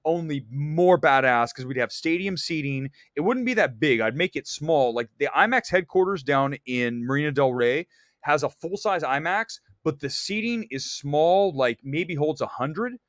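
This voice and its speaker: Male show host, animated movie-talk rant, dry close sound. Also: on the high side, moderate pace, no room sound. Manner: animated, enthusiastic ranting with swearing. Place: Los Angeles area.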